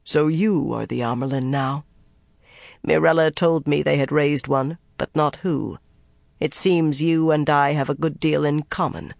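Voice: mid-range voice, steady tone, a little slow, creaky, dry recording, lo-fi sound. A narrator voicing a hardened male warrior who speaks coldly and curtly, in a dry, close recording. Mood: wry. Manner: cold, clipped. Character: stern hardened male warrior, cold and bleak.

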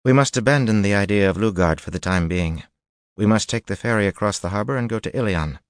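A man's voice: on the low side, quick pace, dry recording, studio quality, voice pushed up, lightly acted. A man voicing a haughty, displeased sorceress woman who speaks coolly and gives orders in an audiobook. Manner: cool and clipped, commanding.

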